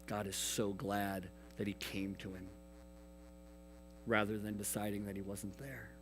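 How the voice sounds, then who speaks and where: Earnest youth pastor preaching over soft guitar. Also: male voice, on the low side, level tone, unhurried, low-quality recording. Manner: earnest, swings between hushed and emphatic. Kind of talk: youth sermon.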